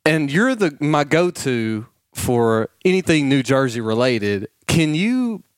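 A man's voice: medium pitch, sing-song, slow, clean tone, dry recording, studio quality. Teasing man. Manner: teasing, playful. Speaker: podcast co-host. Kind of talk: casual chat.

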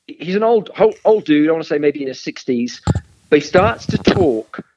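A man's voice: on the high side, animated, normal speed, darkish tone, muffled recording. A man co-hosting a podcast over a remote call, telling a story animatedly and laughing as he goes. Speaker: podcast co-host. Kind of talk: casual storytelling chat.

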